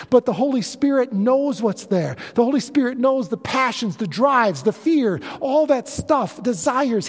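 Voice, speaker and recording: A man's voice: very high voice, a little mellow. A man in his fifties preaching a sermon as pastor, earnest and confessional, building to emphatic preaching in a church sanctuary. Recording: long reverb of a large hall.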